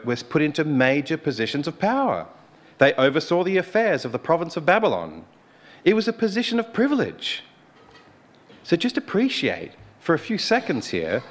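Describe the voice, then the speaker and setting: A man preacher giving a sermon to a young audience, chatty, checking in with listeners and asking rhetorical questions. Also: medium pitch.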